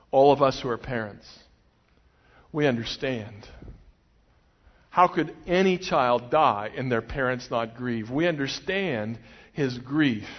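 A man preaching a sermon, retelling a story expressively and voicing the quotes of its people. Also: a little high. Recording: muffled recording with long hall reverb.

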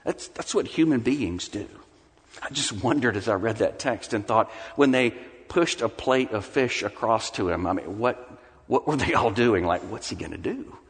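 A middle-aged man preaching a conversational sermon, with lively swings between emphatic passages and soft, hushed asides. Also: on the low side, normal speed, in a large hall. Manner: animated, conversational preaching with sudden drops to a soft hush. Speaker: pastor.

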